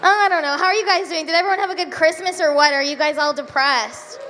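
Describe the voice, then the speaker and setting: Young woman, stand-up comedian, high-pitched, giggly, deadpan asides, live club recording, reverb. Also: a little hiss or hum. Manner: giggly, self-deprecating, drawn-out deadpan asides. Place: comedy club stage before a live audience.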